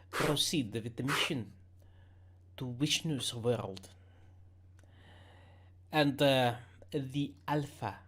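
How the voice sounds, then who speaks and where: A game master voicing a stern woman official in a tabletop game, trying for an African accent and speaking haltingly. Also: medium pitch, slight background noise. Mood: formal. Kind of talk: tabletop role-play character voice.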